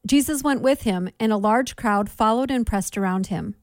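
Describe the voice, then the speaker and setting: Woman reading scripture, high and dry. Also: normal speed, no echo. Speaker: scripture reader. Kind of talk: measured Bible reading.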